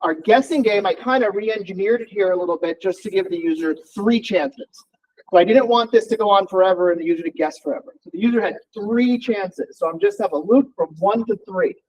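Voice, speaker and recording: Man, lecturer, high-pitched, relaxed, live coding walkthrough. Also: a little fast, a little hiss or hum, low-quality recording. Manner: relaxed, thinking aloud while typing code. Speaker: college programming lecturer.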